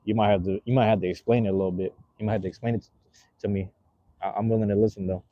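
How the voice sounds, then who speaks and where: A man's voice: lowish voice, steady tone, rapid-fire, no echo, muffled recording. A man hosting a casual livestream, chatting loosely and reading out viewers' messages, with a rambling, slang-filled manner while smoking a cigar. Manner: laid-back, rambling, reads chat aloud with slang. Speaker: livestream host.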